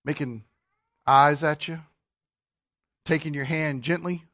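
A high-pitched man delivers a sermon from the pulpit. He teaches with emphatic swings from loud to hushed and keeps putting questions to the congregation. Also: fairly even intonation, slow. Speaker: pastor.

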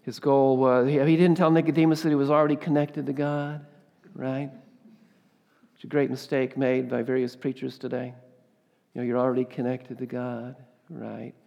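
A male pastor preaching a sermon, swinging between loud, fervent emphasis and quiet asides, often ending points with rhetorical questions. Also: medium pitch, level tone, normal speed, vocal fry, big-room sound, lo-fi sound. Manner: rhetorical tag questions and repeated exclamations.

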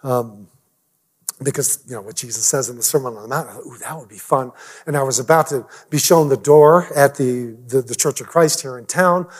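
A middle-aged man, a pastor, telling a personal story in a lively way, at times dropping almost to a whisper. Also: mid-range voice, a little fast. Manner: animated, drops to near whispers.

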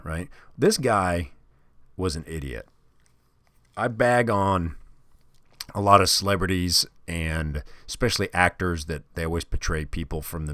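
A man's voice: low voice, fairly bright tone, no echo, studio quality. A middle-aged man from the Midwest hosting a solo podcast, rambling through profane, self-deprecating stories. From American Midwest. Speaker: podcast host. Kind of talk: casual solo podcast monologue.

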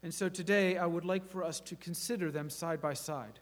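A pastor preaching a sermon, reading scripture in a measured, expressive way that lifts for quoted speech. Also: male voice, on the high side. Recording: reverberant hall recording.

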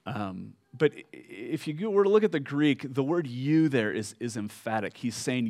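A man preaching a sermon, telling a story slowly with fillers and pauses, dropping soft at solemn moments. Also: mid-range voice, expressive. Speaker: pastor.

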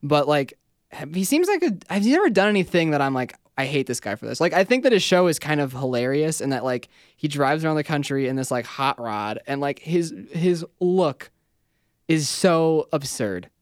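A man's voice: fairly high pitch, moderate pace, dry recording, clean studio sound. A man co-hosting a casual podcast chat, talking with lots of "like" and frequent laughter. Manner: animated, laughs often, heavy use of "like".

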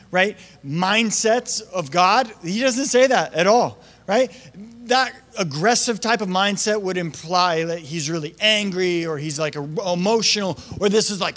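A man's voice: high-pitched, moderate pace, fairly bright tone. A young man preaching a sermon in a casual, conversational way. He acts out quotes with big swings in his voice. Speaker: pastor. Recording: long hall reverb.

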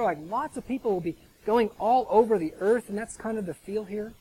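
A man's voice: high voice, a little fast, hardly any pauses, dark tone, breathy edge, rough recording. An American man preaching a sermon in a chatty way, often checking in with "right?". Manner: chatty, asks rhetorical "right?". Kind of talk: conversational sermon.

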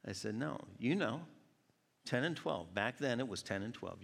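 A man from Georgia preaching a sermon, telling animated stories and acting out quoted voices. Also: mid-range voice, normal speed, vocal fry. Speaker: pastor. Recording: long hall reverb.

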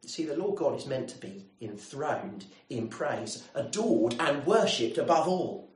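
A man's voice: mid-range voice, expressive, unhurried, roomy sound, poor audio. A man preaching a sermon in a conversational way, often putting questions to the congregation.

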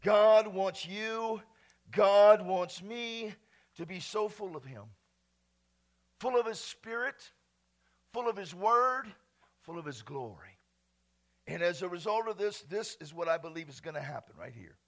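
A man pastor preaching a sermon, dropping to quiet asides and then rising to loud, ringing exclamations. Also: high voice, sing-song, moderate pace, pauses often.

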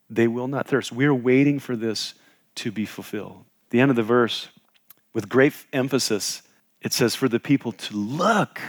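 A middle-aged man delivers a Bible teaching like a talk with friends, pausing to ask his listeners questions and circling back over his words. His voice sits at an ordinary middle pitch. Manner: conversational, asks the audience questions, repeats words. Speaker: pastor teaching a Bible passage. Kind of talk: expository sermon.

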